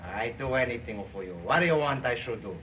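An actor with a put-on Italian accent playing an eager, broken-English sidekick in a 1930s film comedy. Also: male voice, medium pitch, animated, fast, slight background noise, close to an everyday voice. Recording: distant, muffled 1930s film soundtrack.

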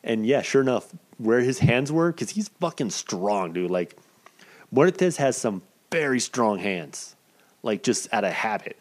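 A man in his thirties telling a story casually, swearing a lot and jumping up and down in pitch. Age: 30s. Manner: profane, animated, quick swings in pitch. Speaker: wrestling cameraman telling a story.

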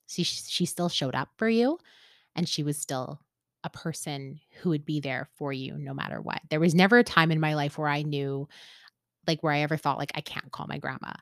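A woman's voice: low-pitched, moderate pace, no room sound, clean studio sound. A woman from Canada hosting a podcast, telling a personal story in a candid, casual way and often laughing. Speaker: podcast host.

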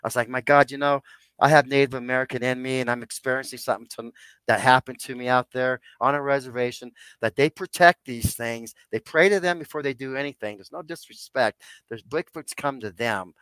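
Man in his sixties, mid-pitched, a guest spinning long, rambling stories on a dry mic. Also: steady tone, brisk, a bit bright, smooth, dry recording. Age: 60s. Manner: rambling, addresses listeners as "guys". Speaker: podcast guest. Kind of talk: personal storytelling.

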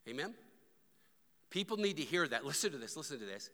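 Male pastor, very bright cutting tone, fervent sermon delivery, big reverberant church sound. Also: medium pitch, big pitch swings, moderate pace, pauses often. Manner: preaching with rising fervor, calling for amens. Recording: long hall reverb.

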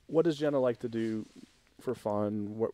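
A man's voice: lowish voice, normal speed, mellow, no room sound. A young man co-hosting a podcast, asking friendly questions and laughing easily. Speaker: podcast co-host. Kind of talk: casual chat.

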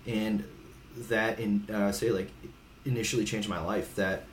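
Speaking at a measured pace with a steady tone, this man has a voice on the low side. He's in his thirties, from Hawaii, and a practiced podcast guest who tells candid conversational stories, casual and frank, swearing now and then and performing the voices he quotes. The echoey room carries slight background noise.

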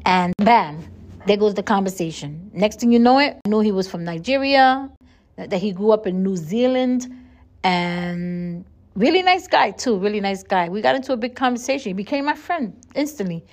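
A woman's voice: medium pitch, lively intonation, normal speed, darkish tone. A woman hosting a solo podcast, talking in a chatty, earnest way and often restarting and repeating her words. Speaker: podcast host. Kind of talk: casual solo podcast monologue.

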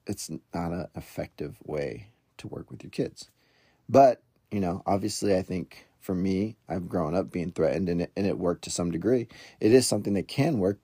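Low gravelly-voiced man telling a story. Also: dark tone, dry recording, clean studio sound. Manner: rambling, self-deprecating, many fillers and restarts. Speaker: biblical parenting coach. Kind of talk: casual solo podcast storytelling.

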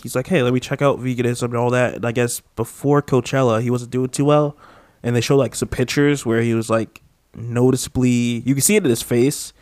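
A man's voice: mid-range voice, darkish tone, no echo. Man, casual podcast co-host, rambling, filler-heavy, dry room. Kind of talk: casual chat. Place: home room with a window AC unit.

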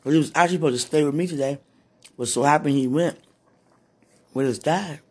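A woman with a hoarse, husky voice, worn from preaching and crying, talking casually to God in a prayerful monologue and calling out to him between sentences. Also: low voice, a little fast, mellow. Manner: talks to God aloud, breaks into moans and exclamations. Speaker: street preacher.

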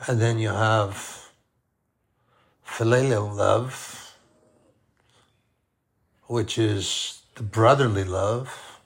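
A man preaching a sermon, deliberate and repeating key phrases for emphasis. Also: lowish voice, steady tone.

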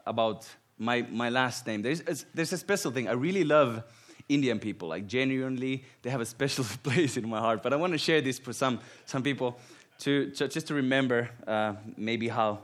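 A man's voice: mid-range voice, moderate pace, few pauses. A man from Finland with a Finnish accent, a guest preacher telling personal stories and laughing often. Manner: laughs often, animated and self-deprecating.

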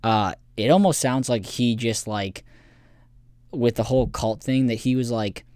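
A man's voice: mid-range voice, fairly even intonation, a little slow, darkish tone, clear, resonant tone, no echo. A man co-hosting a podcast, casually recapping a documentary in a rambling way, swearing and laughing often. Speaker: podcast co-host.

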